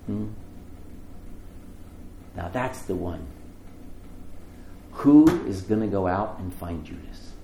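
Animated preaching man in an echoey room. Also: low voice, takes it slowly, gravelly, pauses often, background noise. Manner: animated storytelling, acts out dialogue. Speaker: pastor. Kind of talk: sermon.

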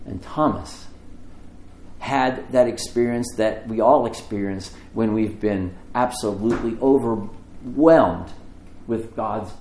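A male pastor preaching a sermon, telling the story with animated voices for the people in it. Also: fairly low pitch, takes it slowly, reverberant, a little hiss or hum. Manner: animated storytelling, acts out dialogue.

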